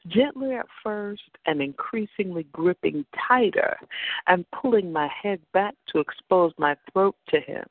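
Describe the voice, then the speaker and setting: A man narrating an erotic story in a slow, sensual reading. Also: high voice, animated, no echo. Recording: dry phone-like sound.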